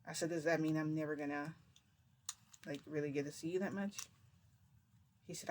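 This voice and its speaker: A woman's voice: low voice, steady tone, normal speed, pauses often, a little hiss or hum. A woman vlogger telling a story to camera in a casual, rambling way, close to tears. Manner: emotional, rambling retelling with many "like"s.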